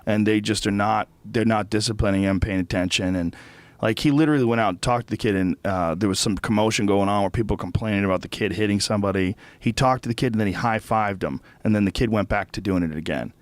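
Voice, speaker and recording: This dry recording features a middle-aged podcast host talking fast in a lowish voice. Swearing freely, he rants his way through a story, getting angrier and repeating himself as his temper rises.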